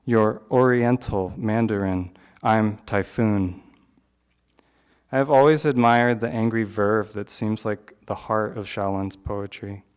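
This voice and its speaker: A man hosting a poetry reading, introducing the featured poet in a measured, literary delivery. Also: on the low side, darkish tone, smooth. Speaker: event host introducing a poet. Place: live reading venue.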